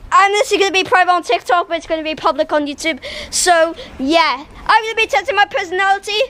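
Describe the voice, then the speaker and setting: A woman vlogging casually, giggly and excitable, laughing often as she talks. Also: very high voice, fairly quick, a little hiss or hum. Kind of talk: casual face-filter vlog. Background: background music.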